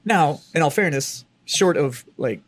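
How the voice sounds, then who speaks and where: A man's voice: fairly high pitch, animated, unhurried, noisy background. A man co-hosting a podcast in casual chat, swearing freely and trailing off mid-sentence. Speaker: podcast co-host.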